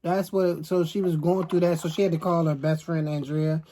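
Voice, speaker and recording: A middle-aged man co-hosting a storytime chat, telling stories with animated energy and acting out the voices of others. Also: on the high side, normal speed. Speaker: co-host.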